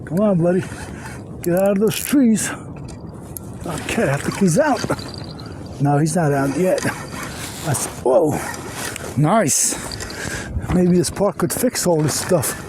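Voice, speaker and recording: A man with a high-pitched voice gives casual commentary outdoors on a river bank while he fishes. He is chatty and exclaims often, with breathy sighs between his lines. Faint noise sits behind him. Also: animated, slow pace, pauses often. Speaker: angler filming his catch.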